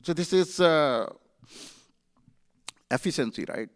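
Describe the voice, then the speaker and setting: In a temple hall, a man tells a sermon story in a chatty, animated way with many fillers. He's the temple speaker, his voice on the high side, and he takes it slowly.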